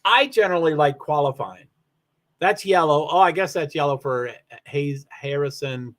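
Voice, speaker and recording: A man's slightly high voice, worn out and yawning, talks alone to his livestream viewers from a desk mic. He rambles and breaks off his own sentences, padding them with fillers as he chats about the races. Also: normal speed, fairly bright tone. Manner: rambling, self-interrupting with fillers. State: very tired, yawning. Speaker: live streamer. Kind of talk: casual solo livestream chat about racing.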